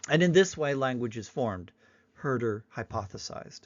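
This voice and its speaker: A man giving a recorded slideshow lecture, unhurried and explanatory, sometimes acting out examples in little voices. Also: a little high, animated, a little mellow, no room sound, lo-fi sound.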